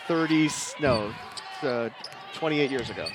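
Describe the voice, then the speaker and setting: A man's voice: medium pitch, unhurried, a faint crowd. A man in his forties working as color analyst on a basketball broadcast, chatty and self-deprecating. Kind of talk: live basketball commentary.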